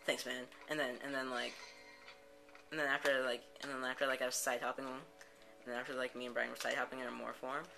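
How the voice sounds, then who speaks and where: Rambling let's play storyteller, lots of fillers, mid pitch, game music bed. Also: level tone, fast, creaky, rough recording.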